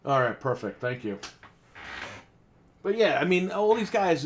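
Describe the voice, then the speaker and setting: A man's voice: on the high side, sing-song, measured pace, a little hiss or hum. Heated, profane podcast guy. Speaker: podcast co-host. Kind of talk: casual gaming podcast rant. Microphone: desk microphone.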